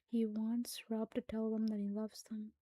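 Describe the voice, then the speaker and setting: A woman's voice: fairly high pitch, level tone, unhurried, dark tone, no room sound. A woman giving a dramatic reading of a horror story, often dropping to a whisper. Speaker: narrator.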